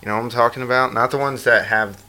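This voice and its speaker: A man's voice: mid-range voice, fairly even intonation, fast, bright, forceful tone. A man co-hosting a casual podcast, swearing and trailing off as he hunts for words. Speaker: podcast co-host. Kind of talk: casual profane podcast chat.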